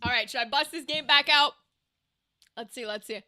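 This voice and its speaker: A woman's voice: sits high, moderate pace, pushed and bright. A woman streamer chatting casually with her live audience, swearing freely and laughing often.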